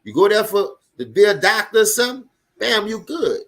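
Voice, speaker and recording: With a high-pitched, sing-song voice and a slightly fast delivery, a man from Louisiana with a New Orleans accent runs a casual live sports stream. He's loud and foul-mouthed, reacting to the game and talking with his viewers.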